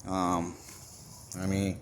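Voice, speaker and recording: A man's voice: low-pitched, monotone, extremely slow. A man casually retelling a story to his phone camera, acting out both sides of the talk, with loose swearing. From California. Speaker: vlogger. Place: outdoors at a store parking lot. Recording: noisy outdoor recording with passing traffic.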